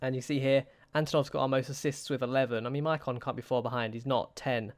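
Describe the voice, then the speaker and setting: A young man with a mid-range voice talks quickly and steadily, with no echo. He's a gaming YouTuber giving casual, anxious commentary over a football management game, pleading with his players and muttering to himself.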